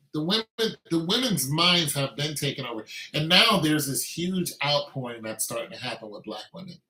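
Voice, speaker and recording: A man's voice: mid-range voice, pushed and bright, echoey room, poor audio. A man delivering an opinionated monologue in an emphatic, repetitive rant. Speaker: commentator.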